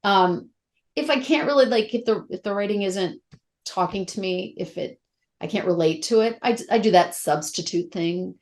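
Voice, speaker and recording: Middle-aged woman, interview guest, candid and emotional, animated storyteller. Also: medium pitch, moderate pace. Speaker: actress guest. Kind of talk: casual interview chat.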